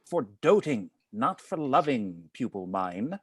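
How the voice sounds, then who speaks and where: A man reading the part of a wise friar counselling a young man, in a measured, advising way, during a cold read over a video call. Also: mid-range voice, sing-song, breathy edge, dry recording, clean studio sound, full character voice. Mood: chiding. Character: wise, patient male friar counselling a youth. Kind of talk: cold read of a stage play.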